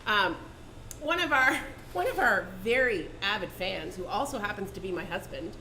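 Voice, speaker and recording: A woman hosting a cooking show in a kitchen studio, chatting casually and bubbly, quick to laugh and repeat her guest. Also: mid-range voice, expressive, pushed and bright. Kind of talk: casual chat. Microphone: condenser mic. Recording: echoey room, faint background noise.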